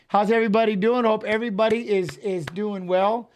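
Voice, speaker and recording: A man's voice: high voice, fast, few pauses. A middle-aged man hosting a casual livestream, rambling and joking, with plenty of profanity. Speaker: show host.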